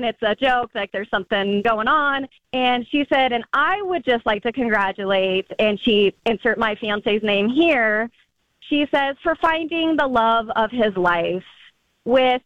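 A woman with a slightly high voice tells a story to a radio show with lively energy and frequent laughter. The sound is dry and a little dull. She carries the story on with big feeling, like a caller sharing something wild. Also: no echo. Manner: animated storyteller, laughs often.

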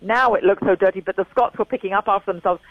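An older woman from England, a guest in an interview, telling stories with animated, emphatic repetition over a dull lo-fi line. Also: medium pitch, fast, no echo. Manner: animated storyteller, emphatic repeating. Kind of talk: phone-in interview chat.

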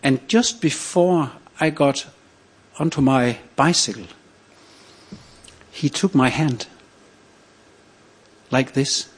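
An older man from Denmark, telling a personal story on stage in a measured, reflective way with pauses. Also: medium pitch, breathy edge. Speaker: storyteller, priest.

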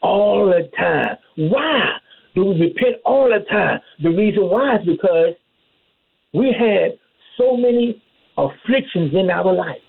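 A man delivers a fervent sermon in a high, husky voice, punctuating his points with amen and hallelujah. The sound is tinny and narrow, like a phone-line radio broadcast. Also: animated, slow pace. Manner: call-and-response preaching, repeats amen and hallelujah. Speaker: preacher.

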